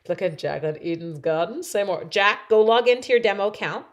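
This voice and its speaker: A woman's voice: mid-range voice, lively intonation, moderate pace. A woman demonstrating stamping on a livestream, chatting casually and giggling as she answers viewers while she works. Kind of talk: casual live-stream chat while crafting.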